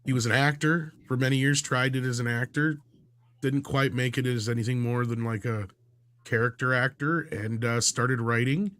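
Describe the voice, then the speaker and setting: A man's voice: fairly even intonation, moderate pace, a bit bright. Rambling man on a casual livestream. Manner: rambling, filler-heavy, trails off low. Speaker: livestream co-host. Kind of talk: casual entertainment-news chat.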